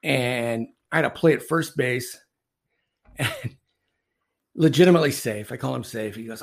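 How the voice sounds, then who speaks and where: A man's voice: mid-range voice, measured pace, creaky, pauses often. A man, a retired referee and podcast co-host, telling blunt, profane stories in casual sports talk.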